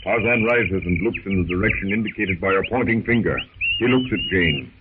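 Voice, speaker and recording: Male serial narrator, measured, lowish voice, hissy thin old radio. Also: expressive, phone-quality sound. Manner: measured, descriptive. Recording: scratchy 1930s radio with hiss.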